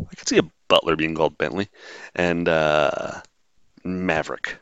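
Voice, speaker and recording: A very deep-voiced man hosts a solo podcast, drifting from point to point with dry sarcasm and plenty of ums. The sound is dull and lo-fi, with a dead, dry room around him. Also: fairly even intonation, normal speed, fairly bright tone, clear, resonant tone, dry recording. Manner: rambling, wry and sarcastic, frequent filler words. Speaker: podcast host. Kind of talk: casual solo monologue.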